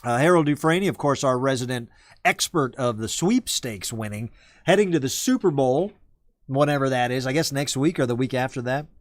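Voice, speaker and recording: A man's voice: medium pitch, animated, moderate pace, no echo, clean studio sound. A man hosting a casual live stream, rambling and correcting himself as he talks. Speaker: show host.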